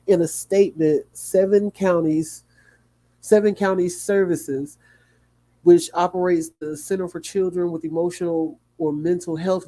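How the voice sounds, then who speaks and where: A man hosting a livestream, reading a news article aloud in a sleepy, yawning way, with small slips and quick asides to his chat. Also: fairly high pitch, dark tone. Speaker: livestream host.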